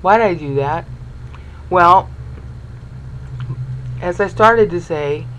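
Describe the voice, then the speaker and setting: A woman's voice: fairly low pitch, slow pace, a bit bright, a little hiss or hum, poor audio. A woman teaching a Bible lesson over on-screen text, sounding out words syllable by syllable and checking in with the listener. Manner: explanatory, checks in with "okay?" and "all right?".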